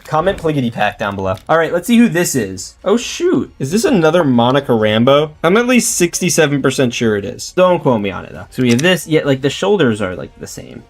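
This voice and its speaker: An excitable man giving casual unboxing commentary, his voice jumping up and down in pitch. He is slangy and chatty, and keeps tossing asides to himself. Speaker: toy unboxing host.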